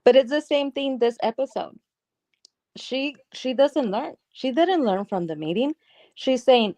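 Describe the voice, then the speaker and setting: A woman's voice: high voice, expressive, unhurried, a little mellow, dry recording. A woman co-hosting a live stream, chatting casually about a TV episode and earnestly explaining her points. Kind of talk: casual chat reviewing a TV episode.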